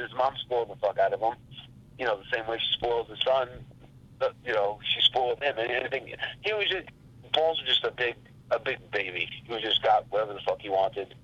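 A man telling a rambling story in a casual, profane and animated way. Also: mid-range voice, dull audio. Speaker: podcast guest.

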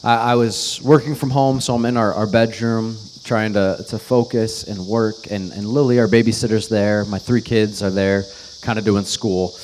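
A man's voice: lowish voice, fairly even intonation, moderate pace, darkish tone, slight background noise. A man in his thirties, a pastor, delivering a sermon as an earnest, conversational story.

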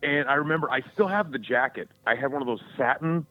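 This co-host is a fast-talking man with a medium pitch, swapping sports stories on a casual podcast in a loose, profane style and voicing the people he quotes. The recording is dry and tinny, like a phone.

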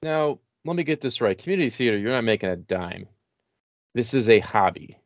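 A man's voice: mid-range voice, expressive, fairly quick, dry recording, lo-fi sound. A man hosting a podcast in casual chat, leading the discussion in a dry way over a remote call mic. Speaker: podcast host.

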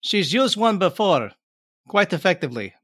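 A man's voice: high-pitched, big pitch swings, moderate pace, a bit bright, breathy edge, no room sound, studio quality. A man playing a tabletop role-playing game, jaunty. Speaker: player. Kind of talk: tabletop role-play chat.

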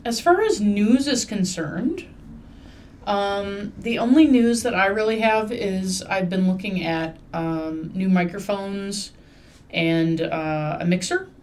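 A young woman rambles through casual podcast talk. Her pitch sits mid-range and her manner is wry and loosely profane, with plenty of fillers along the way. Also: takes it slowly, darkish tone, a little hiss or hum. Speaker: podcast host. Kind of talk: casual chat.

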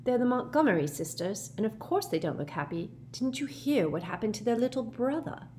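A woman voicing a brisk, impatient, clever teenage schoolgirl in a storybook reading. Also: fairly high pitch, very animated, dark tone, a little hiss or hum, voice pushed up.

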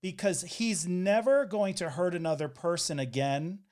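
A man's voice: high-pitched, expressive, moderate pace, a little mellow. A man hosting a podcast, telling personal stories in a candid, wry way and acting out the people he quotes. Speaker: podcast host. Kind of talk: casual podcast conversation.

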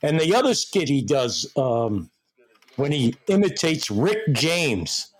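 A man's voice: fairly high pitch, big pitch swings, takes it slowly, breathy edge. A man hosting a casual chat, telling rambling, profane stories. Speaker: host.

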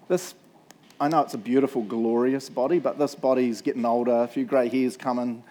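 A middle-aged man with a New Zealand accent, preaching a relaxed, humorous sermon full of anecdotes and frequent "right?" asides. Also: medium pitch, moderate pace. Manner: chatty, humorous, keeps tagging "right?". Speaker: pastor. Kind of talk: casual sermon storytelling.

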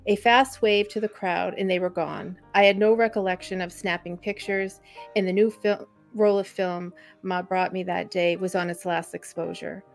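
A woman's voice: fairly low pitch, fairly even intonation, normal speed, creaky, soft background music. A woman reading a first-person memoir chapter aloud as a podcast co-host.

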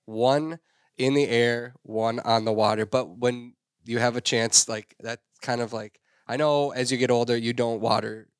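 A man of ordinary pitch hosts a casual podcast and tells a story with lively energy. The sound is dry and close, with no room around it. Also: unhurried, clean tone, no echo. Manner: animated storyteller, gets loud and excited. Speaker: podcast host.

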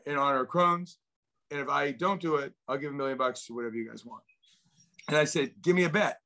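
A middle-aged venture investor, appearing as an interview guest, tells a long personal story in a fairly high, bright, forceful voice. He rambles, restarting often and repeating words.

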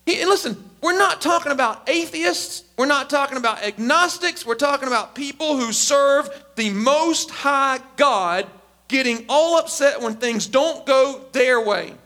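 A man preaching a sermon as a pastor, emphatic and animated. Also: extremely high pitch, unhurried. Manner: animated, emphatic, acts out quotes.

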